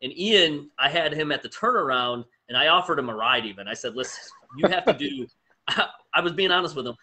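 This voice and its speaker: A man with a bright, forceful voice hosts a relaxed interview chat. He tells his stories with energy and laughs between lines. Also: on the high side, fairly quick, slight background noise, poor audio. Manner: lively storyteller, laughs often. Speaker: host.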